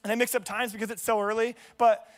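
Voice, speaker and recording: A young male pastor with a strikingly high voice preaches in a loose, conversational way. He jokes with the congregation and moves from personal stories into the sermon's message. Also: flat delivery, quick pace. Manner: casual, joking, conversational. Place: church service.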